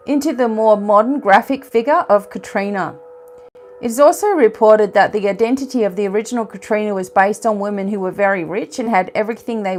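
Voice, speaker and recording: A woman giving a casual oracle card reading to her viewers, chatting, laughing at her own slips and reading card text aloud. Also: medium pitch.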